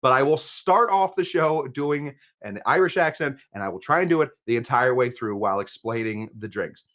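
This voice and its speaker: A man's medium-pitched, somewhat bright voice moves at a moderate pace. Hosting a live cocktail show, he chats casually and jokily, wanders between topics, and reads out what viewers post in the chat.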